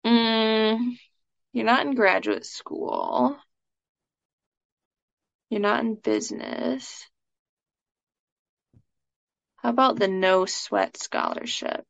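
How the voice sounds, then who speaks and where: A woman's voice: a little high, drawn-out words, creaky, long pauses, no room sound. A woman coaching a student through a live session, chatty and casual, with plenty of "like" and "um". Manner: chatty, fills speech with "like" and "um". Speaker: scholarship coach. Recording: dull lo-fi sound.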